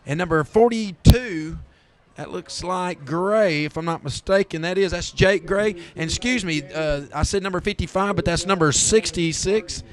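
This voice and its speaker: A man with a Southern American accent calling a high school football game play by play, easygoing and given to correcting himself. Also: normal speed, few pauses. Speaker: play-by-play announcer.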